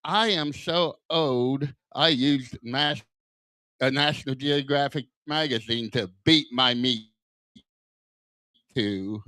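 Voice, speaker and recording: A man's voice: medium pitch, slow, dry recording. Older man with a whistling lisp. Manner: self-deprecating one-liners, deadpan delivery. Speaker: stand-up comic. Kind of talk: stand-up comedy set. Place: comedy club stage.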